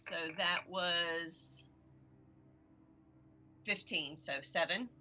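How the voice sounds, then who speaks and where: A woman's voice: lowish voice, very slow, heavy background noise. A woman playing a tabletop game, hesitant and full of fillers, often laughing at herself. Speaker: player.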